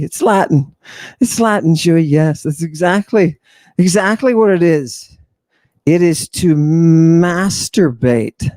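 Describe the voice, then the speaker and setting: Flamboyant guy lecturing, higher voice, slow and drawn out, dry close sound. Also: no room sound. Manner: flamboyant, teasing, shifts between hushed and shouting. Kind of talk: theatrical livestream lecture.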